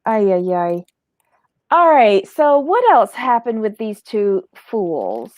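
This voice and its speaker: A woman's voice: medium pitch, sing-song, takes it slowly, darkish tone, no room sound. A woman hosting a casual commentary chat about a reality show, reading the live chat aloud. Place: in Florida.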